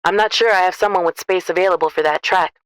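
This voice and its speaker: A woman voicing a polite male trucking dispatcher with a smooth voice and a courteous, businesslike manner on the phone. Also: lowish voice, quick pace, dry recording, natural voice.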